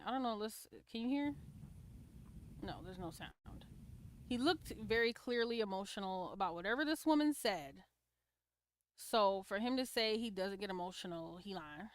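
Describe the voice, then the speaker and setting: A woman's voice: mid-range voice, no room sound, studio quality. A woman hosting a casual livestream, giving opinionated commentary on clips and reacting to viewer comments. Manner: opinionated, talks back to chat comments.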